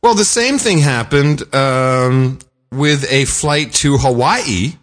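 A man's voice: mid-range voice, takes it slowly. Joking man telling a story. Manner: joking, storytelling, laughs often. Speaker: podcast co-host. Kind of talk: casual chat.

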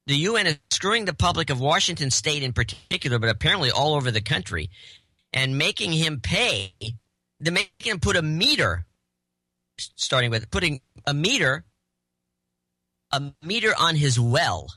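A man co-hosts a casual talk show in a wry, opinionated way. His tone is bright and forward, and his pitch moves a lot. The sound is dry and close. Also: sing-song, moderate pace, dry recording. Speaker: podcast co-host.

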